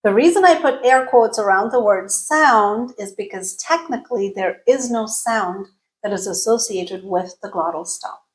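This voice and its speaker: A woman giving a video lesson on English pronunciation, explaining clearly and deliberately and demonstrating sounds slowly. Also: mid-range voice, poor audio.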